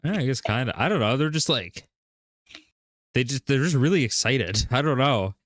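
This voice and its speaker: A man's voice: medium pitch, expressive, moderate pace, fairly bright tone, no echo, studio quality. A young man from Canada chatting casually on a stream, telling stories with lots of laughter and acted-out quotes. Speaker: vtuber streamer.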